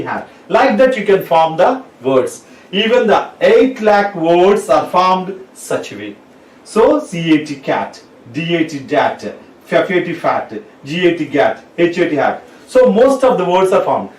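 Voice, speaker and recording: A man teaching a lesson, spelling words out letter by letter and repeating them. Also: fairly high pitch. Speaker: English teacher. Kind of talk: classroom lecture. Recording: roomy, mic at a distance.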